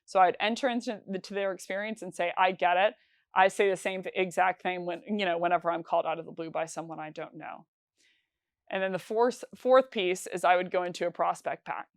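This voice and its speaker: A woman's voice: lowish voice, a little fast, no echo, studio quality. A woman teaching sales calls in a conversational, instructional talk, with frequent fillers and restarts. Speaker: sales trainer.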